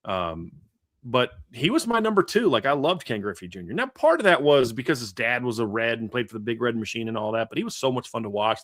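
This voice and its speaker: A man in his thirties hosting a sports podcast, rambling through stories with plenty of fillers and false starts. His voice sits at an ordinary middle pitch, recorded close and dry with no room sound. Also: dry recording. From grew up a Reds fan in the American Midwest. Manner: animated storyteller, frequent restarts and fillers. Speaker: podcast host. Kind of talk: casual sports podcast chat.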